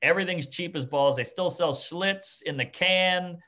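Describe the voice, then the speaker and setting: A man hosting a casual chat over drinks, enthusiastic and quick with crude jokes. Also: high-pitched, bright, forceful tone. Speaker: comedian host.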